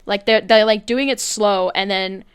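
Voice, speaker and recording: A woman's voice: medium pitch, moderate pace, clear, resonant tone. A woman co-hosting a casual podcast, telling rambling stories with plenty of swearing and big swoops for emphasis. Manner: animated storyteller, swears freely, swoops up for emphasis; loose, rambling delivery with many fillers. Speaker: podcast co-host.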